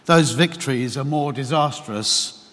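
A man preaching a sermon to his church, telling a personal story with animated, emphatic questions. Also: medium pitch, unhurried. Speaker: pastor. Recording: long hall reverb.

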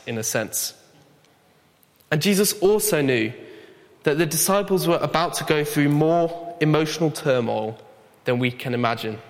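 A man's voice: a little high, animated, normal speed, long pauses. A young man preaching a sermon in an earnest, conversational way with light humor. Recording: long hall reverb.

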